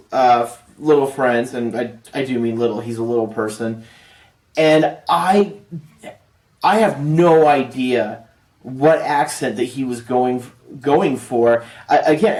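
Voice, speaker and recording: A man's voice: on the high side, darkish tone. A man giving a casual, rambling spoken movie review, full of fillers and restarts. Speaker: film reviewer. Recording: roomy echo, distant from mic.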